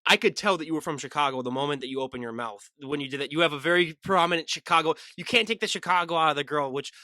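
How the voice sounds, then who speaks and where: A man's voice: on the high side, rapid-fire, sharp tone, no room sound. A man with a Minnesotan accent, hosting a podcast in a rambling, joking manner. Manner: rambling, jokey tangents. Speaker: podcast host. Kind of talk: casual interview chat.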